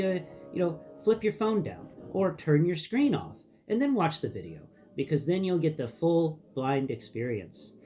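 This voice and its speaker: A man's voice: fairly high pitch, dark tone. A man hosting a casual toy tutorial, chatty and jokey, with rambling asides. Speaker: host.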